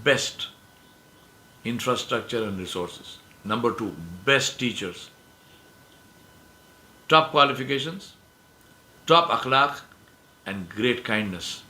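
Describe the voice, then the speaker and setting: A man's voice: mid-range voice, animated, slow, pauses often, pushed and bright, reverberant. A man giving a religious lecture to an audience, emphatic, repeating key phrases and asking rhetorical questions. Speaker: speaker giving a presentation.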